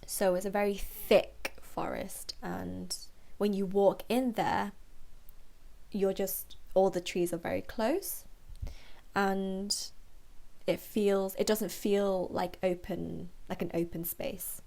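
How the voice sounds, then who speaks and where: A woman tutor reading a children's book aloud and patiently explaining its words, with many pauses and fillers. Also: mid-range voice, steady tone, creaky, dark tone.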